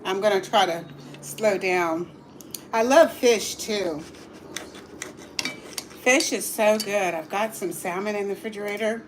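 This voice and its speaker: A middle-aged woman talks slowly and easily to her livestream viewers between bites of dinner. She laughs often and lets out little murmurs as she tastes, into a phone mic on the table. Faint clinks of dishes sit in the background. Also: medium pitch, noisy background. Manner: chatty, laughs often, murmurs while tasting food. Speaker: livestream cooking host. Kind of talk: casual livestream chat while eating. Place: home dining table.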